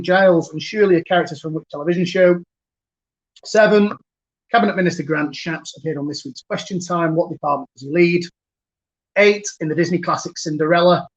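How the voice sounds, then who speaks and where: Chatty man hosting a quiz. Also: fairly high pitch. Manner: chatty, chuckling, repeats each question slowly. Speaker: quiz host. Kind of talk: hosting a virtual pub quiz. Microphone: computer mic on a video call. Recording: dull lo-fi video call audio.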